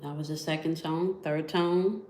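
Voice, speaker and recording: A woman leading a guided spiritual energy check-in, calm and coaxing, who often ends her phrases with "okay?". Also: low voice, unhurried, heavy background noise. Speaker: spiritual reader. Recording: echoey room.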